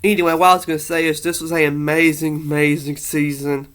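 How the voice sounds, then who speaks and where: A man's voice: on the high side, level tone, fairly quick, a bit bright. A man talking through a casual, rambling monologue about his team's season, earnest and a little emotional, full of fillers and restarts. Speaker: sports fan vlogger.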